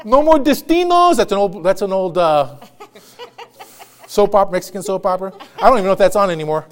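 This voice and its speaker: A man's voice: high voice, expressive, fast talker. A man pastor preaching a sermon in a church service, emphatic, with repeated phrases and call-and-response.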